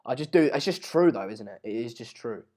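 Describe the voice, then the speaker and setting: A young man, hosting a casual live match watch-along, reading out viewer comments in a chatty, rambling way and sounding slightly hoarse. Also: medium pitch, expressive, brisk, a little mellow. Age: late teens. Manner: chatty, rambling, restarts mid-sentence, calls viewers mate and pal. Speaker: live stream host.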